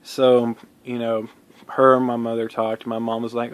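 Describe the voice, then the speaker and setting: A man's voice: mid-range voice, level tone, normal speed. A man telling a personal story in a casual vlog, rambling, with many fillers, restarts and some swearing.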